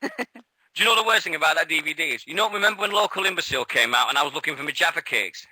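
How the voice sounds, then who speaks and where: A British man on a radio chat show tells stories in a very bright, forceful voice. He is excitable, laughs often and swears freely. The sound is dry and close. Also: fairly high pitch, very fast, no room sound, poor audio. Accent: British English. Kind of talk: casual chat.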